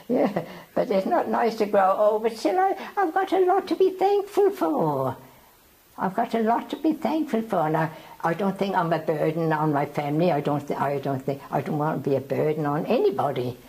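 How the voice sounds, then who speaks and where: A woman over a hundred years old, from South Africa, giving an oral history interview, speaking haltingly and often repeating herself. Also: lowish voice, dark tone, rough recording. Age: over 100.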